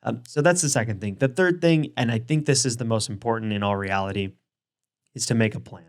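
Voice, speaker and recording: A man's voice: mid-range voice, a little fast. A young man hosting a dog training video, giving advice in a casual, conversational way, with frequent fillers and restarts.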